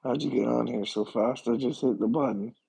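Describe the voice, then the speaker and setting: A man's voice: medium pitch, brisk, gravelly, mellow, husky, rough recording. A man ranting on a solo livestream, profane and mocking, laughing between phrases.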